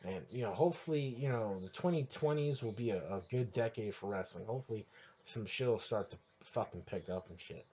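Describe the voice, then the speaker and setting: Husky man ranting on a podcast. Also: lowish voice, fairly quick. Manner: crude, heated, rambling with restarts and crescendos into shouting. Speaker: podcast host. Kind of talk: profane solo rant.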